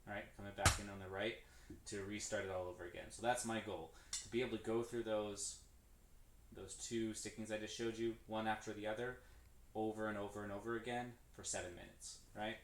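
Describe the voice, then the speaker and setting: The clip is captured in an echoey drum-kit room on a distant mic, with clear background noise. A drummer streaming his practice explains stickings in a rambling manner, fixing his mistakes and counting hands aloud, in a fairly low, flat voice at a fairly quick pace.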